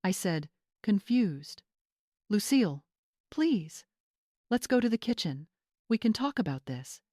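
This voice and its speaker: A woman's voice: mid-range voice, big pitch swings, measured pace, dark tone, no echo, clean studio sound, voice pushed up. A woman voicing a stammering defensive young wife. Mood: pleading. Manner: stammering, pleading.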